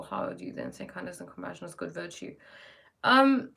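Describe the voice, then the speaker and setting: A woman's voice: on the low side, wildly swooping pitch, fairly quick, gravelly, pushed and bright, husky. A woman hosting a casual livestream, musing reflectively and answering viewers' comments, often breaking off mid-sentence. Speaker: livestream host.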